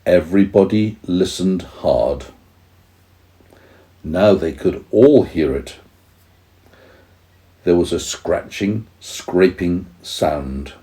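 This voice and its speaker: A man's voice: deep voice, lively intonation, drawn-out words, pauses often, warm tone. A man reading a children's story aloud to his young child, patiently stopping to explain words.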